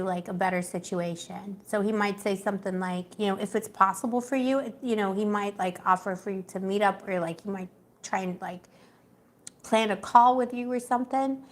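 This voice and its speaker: A young woman doing a live tarot reading in a casual, chatty way, laughing often and talking with lots of fillers. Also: mid-range voice. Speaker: tarot reader.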